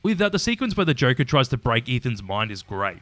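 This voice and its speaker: A man racing through a casual review with a lively, swooping delivery. He is chatty and opinionated and tosses in a mild curse now and then. His voice is close and dry, with soft music underneath. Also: medium pitch, brisk, no echo. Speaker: YouTube episode reviewer. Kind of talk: casual commentary ranking episodes.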